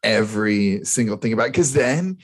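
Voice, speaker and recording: A man's voice: on the low side, lively intonation, fairly quick. A man co-hosting a podcast, chatting about a movie with sarcastic, playful enthusiasm. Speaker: podcast co-host. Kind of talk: casual movie chat.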